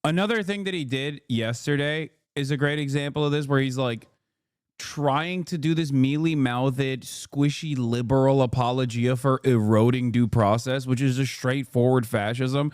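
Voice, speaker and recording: Heated, profane high-voiced man. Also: unhurried, clean tone, no echo, studio quality. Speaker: streamer reacting to a video. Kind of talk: live-stream reaction rant.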